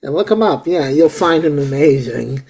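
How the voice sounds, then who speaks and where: A man in his forties hosting a casual chat show, excitable and rambling, often repeating himself. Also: a little high, normal speed, creaky, husky. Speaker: host.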